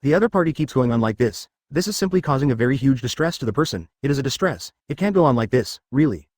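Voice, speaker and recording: A man's voice: mid-range voice, very animated, fast, a little mellow, no echo, clean studio sound. A man narrating a story in a stilted, literal reading style, breaking in with abrupt sound words.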